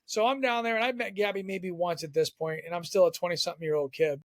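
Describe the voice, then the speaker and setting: A man from Southern Maine, a former TV sports reporter, telling stories as a podcast guest in an animated, chatty way. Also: high-pitched, no room sound. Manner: animated storyteller, quick and chatty. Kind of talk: casual podcast storytelling.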